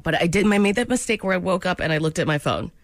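A woman's voice: lowish voice, animated, quick pace, dry recording. A woman hosting a morning radio show from a studio, chatting and telling stories in a self-deprecating way. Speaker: radio host.

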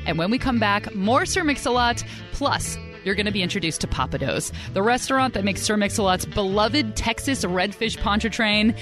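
A woman's voice: mid-range voice, fairly bright tone. A woman hosting a podcast, playful and upbeat, interviewing and narrating. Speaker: podcast host.

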